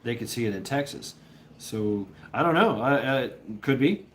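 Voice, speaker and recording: A man's voice: medium pitch, expressive, normal speed, a little hiss or hum. A man telling a rambling, profane story in casual chat with his viewers, often laughing. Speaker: livestreamer chatting with viewers.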